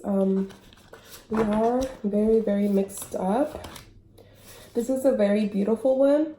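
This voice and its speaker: A woman vlogger chatting casually through an oracle card reading, a little out of breath, halting with many fillers. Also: mid-range voice, warm tone, reverberant.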